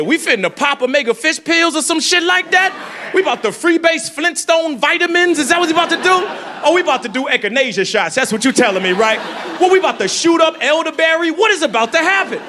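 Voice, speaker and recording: High-voiced man doing stand-up in a club. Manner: loud, animated storytelling with voices and shouts. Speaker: stand-up comedian. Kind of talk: stand-up comedy set. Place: comedy club with live audience. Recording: live club recording with crowd laughter and noise.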